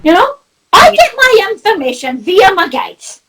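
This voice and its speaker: A woman's voice: very high-pitched, sing-song, a little slow, a bit bright, rough recording. A Scottish woman, a spiritual medium, chatting casually and animatedly, laughing often. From Scotland. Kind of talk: casual chat.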